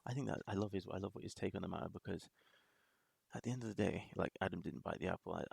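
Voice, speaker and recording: A man with a very low, deeply gravelly voice rambles through a casual reaction commentary, halting and restarting as he thinks aloud. His tone is husky and the room sounds close and dry. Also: a little mellow, no room sound. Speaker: reaction video host.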